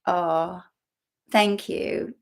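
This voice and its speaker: A woman's voice: on the low side, steady tone, drawn-out words, vocal fry. Chatty English woman on a live stream. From England. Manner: chatty and rambling, many fillers, frequent laughs. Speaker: YouTube host. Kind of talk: casual live-stream chat. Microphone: built-in laptop microphone.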